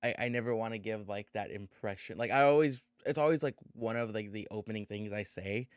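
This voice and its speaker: A man's voice: on the low side, brisk, smooth, no echo, clean studio sound. A young man co-hosting a podcast in casual chat, rambling and restarting his words with plenty of fillers. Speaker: podcast co-host.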